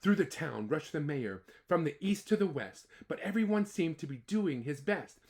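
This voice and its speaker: Animated man reading to kids. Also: a little high, normal speed. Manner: animated, talking to children. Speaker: storyteller. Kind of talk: children's read-aloud.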